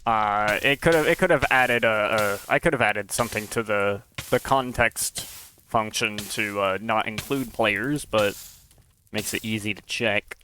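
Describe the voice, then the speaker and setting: A man's voice: lowish voice, a little slow, sharp tone, faint music behind. A man streaming as he tests his own game mod, thinking aloud in a casual, musing way and often unsure of what he sees. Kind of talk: casual live-stream commentary while testing a game mod.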